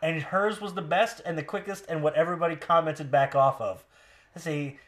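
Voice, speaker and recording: Animated, jokey male podcast host. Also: a little high, a little fast. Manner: animated, jokey, laughing, mocking quotes. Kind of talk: casual chat.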